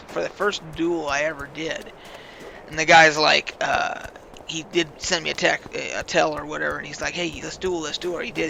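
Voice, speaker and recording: Gravelly-voiced man telling gaming stories. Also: on the high side, slight background noise. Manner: rambling, profane, animated storytelling. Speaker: gaming channel host. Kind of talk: casual gameplay commentary with stories.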